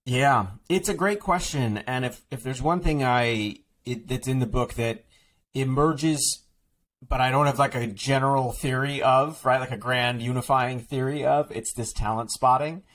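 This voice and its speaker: A man, an author being interviewed on a podcast, talking quickly in a rambling, casual way full of "like" fillers and restarts. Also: medium pitch, a bit bright.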